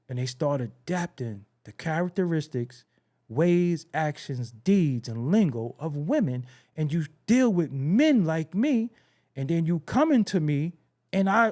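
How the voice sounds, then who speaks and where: Man, middle-aged, profane streetwise host, blunt rant, slightly high voice, very animated pitch. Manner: mimics other people's phrases mockingly. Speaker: show host. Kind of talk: casual commentary rant.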